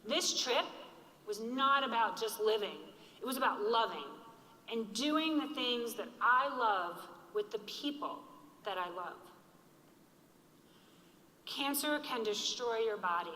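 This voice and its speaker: A woman in her forties speaks earnestly from a stage, slowing down to stress her key lines. Her voice is bright and sits a little high. The sound is roomy, with a long hall reverb behind her. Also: expressive, slight background noise. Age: 40s. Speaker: keynote speaker. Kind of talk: motivational conference speech. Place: large hall with an audience.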